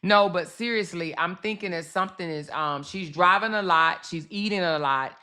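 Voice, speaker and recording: A woman hosts a casual livestream with a bright, forceful voice. She chats animatedly straight to her viewers, laughing often as she comments. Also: fairly low pitch, normal speed, smooth. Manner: chatty, animated, talks to her chat directly; laughs often while talking.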